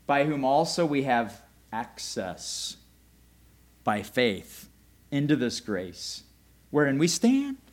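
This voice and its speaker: A man preaching a sermon, swinging from quiet, low asides to loud emphatic calls, joking and putting rhetorical questions to the congregation. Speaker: pastor.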